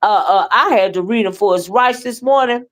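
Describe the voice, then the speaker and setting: A woman's voice: medium pitch, moderate pace. A woman hosting a live stream, giving heated, profane commentary in a blunt, scolding manner.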